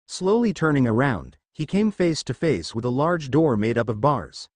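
A man narrating a fan fiction story aloud in a brisk storytelling way. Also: mid-range voice, lively intonation, no room sound.

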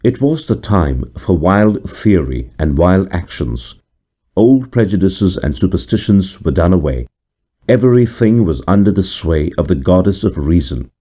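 A man narrating a vintage horror story in a deliberate, dramatic storytelling manner. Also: sits low, very animated, mellow, breathy edge.

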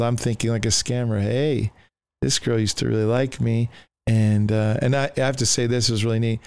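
A man's voice: mid-range voice, a little mellow, clean tone, no echo. Older man telling his story animatedly. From Oregon, US. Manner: acts out quoted voices, rambling restarts. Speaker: pastor sharing his testimony.

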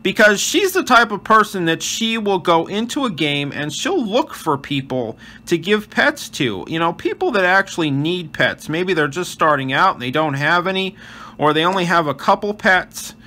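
A man's voice: high voice, big pitch swings, normal speed, sharp tone. A male channel host giving earnest voice-over commentary on gameplay and reading chat aloud. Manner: wishes viewers a blessed day.

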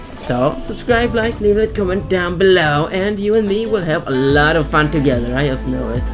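A man giving let's play commentary on a horror game as a gaming YouTuber. He yells in fright at the game and cracks goofy jokes. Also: on the high side, expressive, normal speed, over music.

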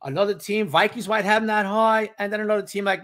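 A man's voice: sits high, fairly even intonation, fast, a bit bright. A man co-hosting a casual sports talk show, emphatic and repetitive, acting out the reactions of others. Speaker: podcast co-host.

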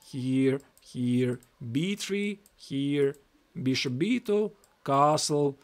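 A man's voice: mid-range voice, animated, drawn-out words. A young Latvian man with a Latvian accent giving a chatty live-stream chess lesson, reading moves aloud and repeating himself.

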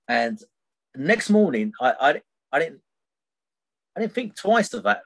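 A middle-aged man guests on a podcast, telling a personal story in a candid, loose, rambling way and often ending sentences with "right?" to check in. His voice is medium-pitched with big swings in pitch and a fairly bright tone. He talks at a normal speed with long pauses, and the recording is dry.

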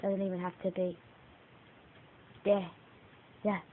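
A woman giving live commentary on her own gameplay, excitable, laughing and mocking herself. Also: medium pitch, takes it slowly. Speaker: gaming video maker. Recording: tinny lo-fi mic with faint hiss.

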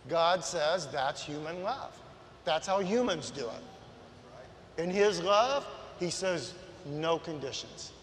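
Passionate male preacher, high voice, booming room, slow measured delivery building to shouts. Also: lively intonation, slight background noise. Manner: impassioned, swings from soft to shouting. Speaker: guest preacher. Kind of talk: sermon. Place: large church sanctuary. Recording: echoey church hall.

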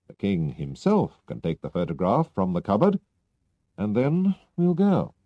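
A man voicing a sharp, confident male detective who explains his plans briskly. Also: lowish voice, huge pitch swings, no echo, exaggerated voice. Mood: assured. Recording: dull lo-fi recording.

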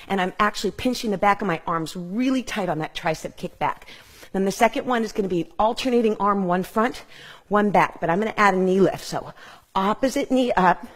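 A middle-aged woman leading a live home workout as a fitness instructor, upbeat and breathing hard as she cues each move while exercising. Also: mid-range voice. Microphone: clip-on mic.

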